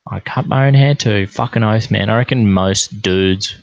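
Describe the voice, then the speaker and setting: Gravelly, low-voiced Australian man streaming late. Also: moderate pace, dry recording. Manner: rambling, sweary, laid-back. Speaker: livestreamer. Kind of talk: casual late-night livestream chat. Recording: dull lo-fi stream audio.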